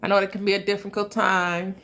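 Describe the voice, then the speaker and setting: A woman's voice: mid-range voice, flat delivery, quick pace, fairly bright tone. A woman hosting a casual live-stream, chatting with viewers, greeting them by name and often repeating her phrases. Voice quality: frequent laughter, repeats phrases. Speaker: host.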